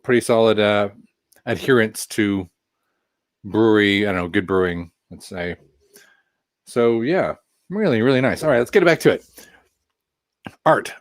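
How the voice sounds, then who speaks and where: A man with a low voice hosts a relaxed live beer tasting from home, rambling through his thoughts and poking fun at himself. The sound is close and dry, with no room echo. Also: a little slow, pauses often. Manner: chatty, rambling, self-deprecating asides. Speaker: craft beer reviewer.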